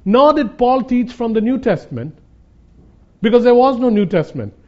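A man's voice: very high-pitched, lively intonation, moderate pace, darkish tone. A man preaching as a Bible teacher in a conversational sermon. He speaks earnestly, repeats points for emphasis and calls his listeners "guys". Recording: dull lo-fi recording.

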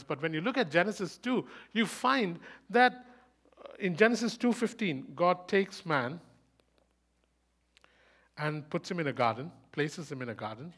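A man delivering a sermon at a quick clip, his voice sitting a little high. He drives his points home with rhetorical questions and repeats key words with rising force. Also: lively intonation. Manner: emphatic, rhetorical questions, rises to loud bursts; speaks fast. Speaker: preacher.

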